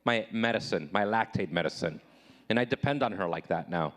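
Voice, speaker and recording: A man in his thirties performing a live stand-up comedy set, self-deprecating, jumping high and loud when he acts out his own replies. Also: animated, fairly quick.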